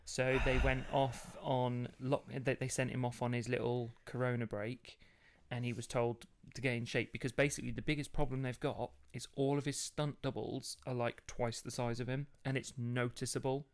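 A man's voice: mid-range voice, little pitch movement, normal speed, few pauses. A man, co-hosting a casual podcast and telling gossip at length. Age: 30s. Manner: chatty, swears casually, tells gossip at length. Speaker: podcast co-host.

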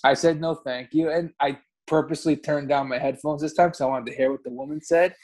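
A man tells stories on a podcast in a casual, rambling way. He swears freely and corrects himself mid-sentence. His voice sits a bit high for a man. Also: steady tone, fast talker, a little mellow. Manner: rambling, profane, with self-corrections. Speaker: podcast co-host. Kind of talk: casual chat, storytelling.

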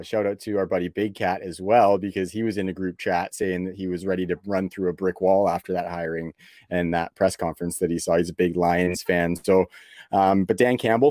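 A man's voice: sits low, a little mellow, no echo, studio quality. A man from Canada hosting a sports podcast, talking in a laid-back way with lots of fillers and easy laughs. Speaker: podcast host. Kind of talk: casual sports podcast chat.

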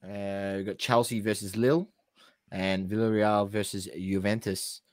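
A laid-back man chatting about football, his voice low and unhurried. He pauses often with ums, recorded dry on a close mic. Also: steady tone, darkish tone, no room sound. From Australia. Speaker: podcast co-host. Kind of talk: casual sports chat.

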